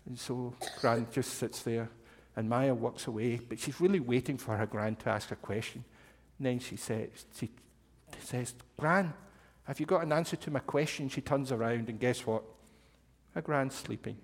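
A man tells a children's story at a service, lively and speaking directly to his young listeners. His medium-pitched voice trails off into the long reverb of a large hall. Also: normal speed. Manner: warm, animated, talks directly to children. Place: church hall.

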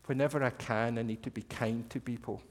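A man's voice: mid-range voice, steady tone, fairly quick, lightly acted. A man voicing an earnest young girl. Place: church hall. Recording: long hall reverb.

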